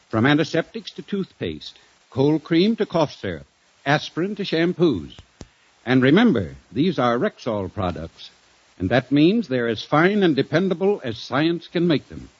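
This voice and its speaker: Husky guy doing an old radio ad, persuasive, dry muffled sound. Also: on the high side, sing-song, measured pace, no room sound. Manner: smooth, persuasive sales delivery. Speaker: radio commercial announcer. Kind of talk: 1940s radio commercial read.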